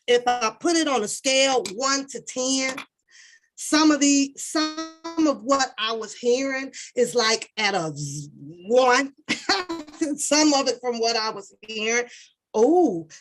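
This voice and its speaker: A woman hosts a casual livestream, talking to her chat in an unhurried drawl. Her voice sits a little high for a woman. She rambles and restarts her thoughts as she goes. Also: expressive, a little hiss or hum. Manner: chatty, greets chat viewers by name. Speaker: livestream host.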